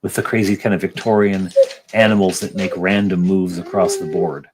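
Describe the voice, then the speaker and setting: A man hosting a casual livestream, chatting with viewers in a rambling way with lots of pauses and restarts. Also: low voice, fairly even intonation, a little mellow, a little hiss or hum. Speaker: convention organizer and livestream host.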